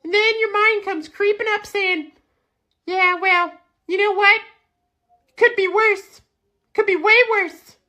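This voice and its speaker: A tiny furry red monster squeaks in a very high, bright voice. He rambles through profane, mock-dramatic rants in a childlike puppet manner. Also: steady tone, takes it slowly, pauses often, exaggerated voice. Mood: ranting.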